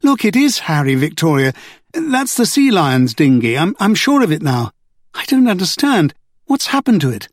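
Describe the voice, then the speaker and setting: A man's voice: high-pitched, very animated, moderate pace, slightly rough, dry recording, clean studio sound, voice pushed up, heavily acted. A man voicing an anxious, pleading young woman in an audiobook. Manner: fretful, pleading.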